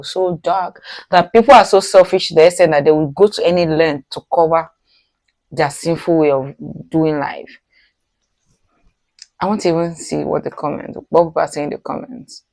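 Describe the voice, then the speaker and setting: A woman's voice: deep voice, a little mellow, no echo. A woman with a Nigerian accent hosting a reaction video, exclaiming in disbelief and moralizing about what she hears. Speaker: reaction channel host. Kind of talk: reaction commentary.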